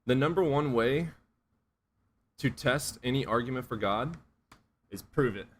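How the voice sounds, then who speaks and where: A man's voice: mid-range voice, animated, unhurried. A man streaming and answering chat questions in a blunt, profane, sarcastic way. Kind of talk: casual livestream chat.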